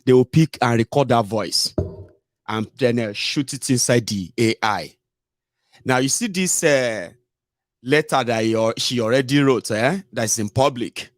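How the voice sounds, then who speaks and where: A man's voice: medium pitch, measured pace, no echo, clean studio sound. A Nigerian man hosting a casual livestream, chatty, mixing in pidgin and frequent "eh" and "omo". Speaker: host.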